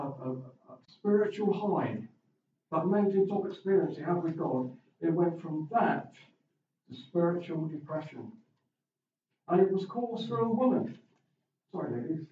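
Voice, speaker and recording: A man's voice: on the high side, narrow, tinny audio, a little hiss or hum. Male preacher in an echoey, distant room. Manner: chatty, asks the congregation questions, light asides. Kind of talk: conversational sermon.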